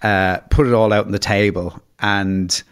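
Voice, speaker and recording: With a lowish, clear, resonant voice, this man speaks at a measured pace with fairly even intonation. He's from Ireland and is a podcast guest sharing funny stories at his own expense, often tripping over his sentences and starting them again.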